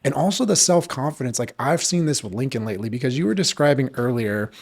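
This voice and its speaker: A man's voice: mid-range voice, animated, fast talker, gravelly, a little mellow. A man, a jiu-jitsu coach and podcast guest, telling stories in a loose, rambling way with lots of fillers and casual swearing. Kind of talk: casual storytelling chat.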